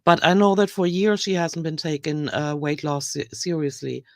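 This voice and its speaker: A woman with a German accent chatting casually on a livestream, halting and hesitant, with frequent restarts. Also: sits low, no room sound, studio quality. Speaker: livestream host.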